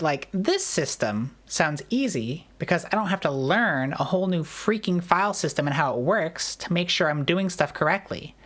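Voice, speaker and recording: Low-voiced woman streamer chatting. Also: a bit bright. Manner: rambling, self-deprecating, jokey. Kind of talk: casual chat.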